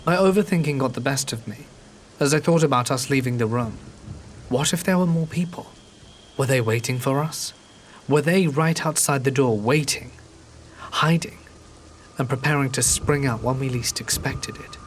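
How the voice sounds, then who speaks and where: Calm man narrating a horror story. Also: mid-range voice, normal speed, a little hiss or hum. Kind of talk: scripted narration. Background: faint rain.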